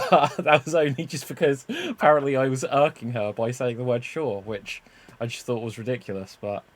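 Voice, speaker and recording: A man's voice: mid-range voice, fairly quick, dry recording. Chatty man with "like" fillers. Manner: animated storyteller, lots of "like" and restarts. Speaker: podcast host. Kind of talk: casual podcast chat.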